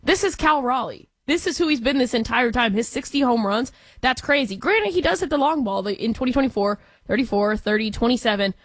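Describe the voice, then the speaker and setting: A young woman co-hosting a sports talk show, giving quick, opinionated takes with easy laughs. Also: on the high side, expressive, fairly bright tone, dry recording.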